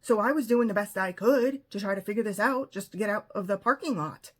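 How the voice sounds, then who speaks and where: A woman vlogger tells a personal story in an emphatic, indignant way, acting out the quotes of what was said. Her voice is mid-range and brisk.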